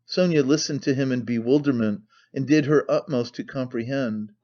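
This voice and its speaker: A man narrating a classic novel as an audiobook in a measured, steady way, in a slightly muffled recording. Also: mid-range voice.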